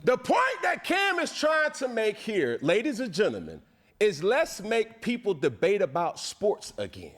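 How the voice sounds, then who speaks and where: A man hosting a sports talk show, speaking emphatically and deliberately, addressing people directly. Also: high-pitched, wildly swooping pitch. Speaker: show host.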